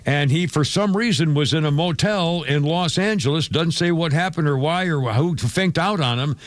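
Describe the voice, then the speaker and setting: A man's voice: on the high side, normal speed, dry recording. A man hosting a radio show, rambling through showbiz news in a casual chat with many fillers and chuckles.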